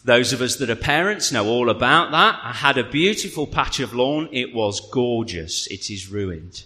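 A man preaching a sermon, telling a humorous personal story in a chatty, animated way. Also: medium pitch, moderate pace. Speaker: pastor. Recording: reverberant hall.

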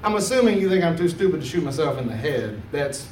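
A man's voice: on the high side, sing-song, fast talker, darkish tone, a little hiss or hum. A man doing a laid-back, chatty stand-up set on a comedy club stage, laughing at his own jokes. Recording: roomy club sound from a distance.

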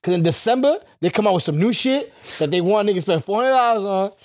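A man's voice: high voice, expressive, fast talker, darkish tone. A man co-hosting a podcast, trading banter and ranting, full of profanity. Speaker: podcast co-host. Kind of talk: casual chat.

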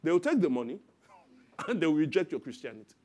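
A man in his thirties preaching a sermon as pastor, lively and acting out parents and children in quoted voices. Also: on the high side, quick pace.

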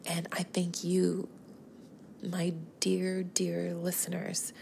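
Gravelly low-voiced woman, soft and whispery. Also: slight background noise. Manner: soft, often breathy half-whisper, gentle and earnest. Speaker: podcast host. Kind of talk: heartfelt podcast sign-off.

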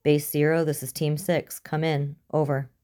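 A woman's voice: low voice, level tone, normal speed, dark tone, natural voice. Woman voicing a blunt female squad commander. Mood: commanding. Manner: curt, commanding.

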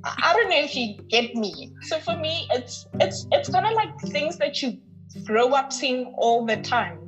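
A woman's voice: sits high, expressive, a little slow, highs cut off, music in the background. Heartfelt woman telling her story. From North West, South Africa. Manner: heartfelt, emphatic, leans on repeated words. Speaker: podcast guest. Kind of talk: personal storytelling in an interview.

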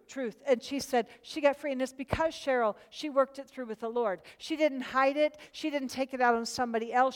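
A woman's voice: on the high side, big-room sound. A woman leading a group Bible study, speaking earnestly, repeating words as she starts a thought and putting questions to the group.

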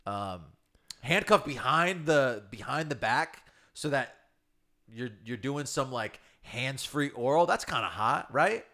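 A man's voice: medium pitch, lively intonation, takes it slowly, pushed and bright. A young man co-hosting a podcast, laid-back in casual crude banter. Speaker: podcast co-host.

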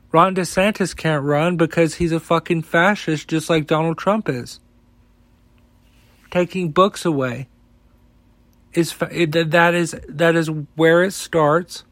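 A man rants in a heated, profanity-laced monologue. He speaks slowly and deliberately in a fairly high voice, with his thoughts rambling as he goes. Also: a bit bright, dry recording. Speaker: podcast host. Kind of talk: opinion rant.

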